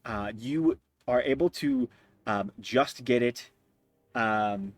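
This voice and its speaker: A man narrating as game master, pausing often with fillers. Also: mid-range voice, dry recording. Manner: hesitant, many fillers.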